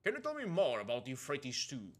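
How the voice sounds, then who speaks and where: A man's voice: mid-range voice, wildly swooping pitch, fairly quick, fairly bright tone. A man voicing a confident noble starship captain who talks in a dry, assured, matter-of-fact way.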